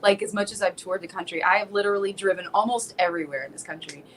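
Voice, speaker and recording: A young singer-songwriter from South Florida chats casually as a guest, talking fast in a lowish voice over a slight hiss or hum. She tells stories animatedly, packing in lots of "likes" and restarting sentences.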